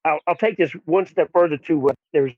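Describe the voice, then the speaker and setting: Animated man on a tinny line. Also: a little high, brisk, no echo. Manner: animated, acts out quotes in raised voices. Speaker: podcast guest. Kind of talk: storytelling in conversation. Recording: dry tinny phone-like line.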